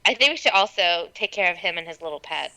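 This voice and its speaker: A woman's voice: on the low side, lively intonation, fast talker, bright, forceful tone, clean tone, poor audio. A woman playing a tabletop role-playing game, chatting casually, giggly and scattered, fumbling for words. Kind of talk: casual improvised role-play.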